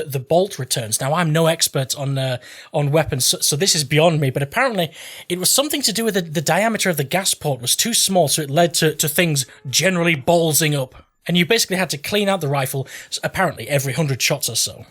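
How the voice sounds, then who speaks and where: Male gaming host, bright, slightly high voice, jokey and rambling. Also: slightly rough. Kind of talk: casual game weapon review.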